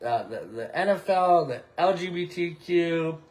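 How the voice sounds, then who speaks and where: A man's voice: fairly high pitch, animated, unhurried, darkish tone. A man in his thirties hosting a podcast from his apartment, ranting in a heated, rambling way with lots of swearing and restarts. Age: 30s. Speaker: podcast host. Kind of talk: casual opinion rant.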